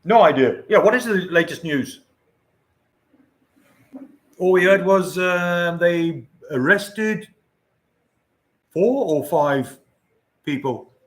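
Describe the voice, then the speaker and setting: Older guy chatting on a live stream, slow and rambly, laughs a lot. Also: high voice, lively intonation. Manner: rambling, chatty, chuckles often. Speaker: livestream host. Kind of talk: casual live-stream chat.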